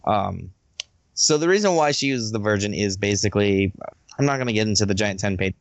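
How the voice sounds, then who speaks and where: A man's voice: fairly low pitch, animated, fairly quick, no echo. A man chatting casually about his tabletop role-playing characters, laughing often and trailing off mid-thought.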